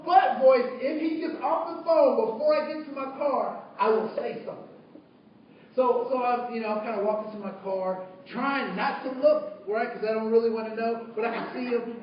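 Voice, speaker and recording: A man telling an animated story to an audience, acting out voices and dialogue. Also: very high-pitched. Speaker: diversity trainer telling a story. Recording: distant, dull, very echoey room recording with faint noise.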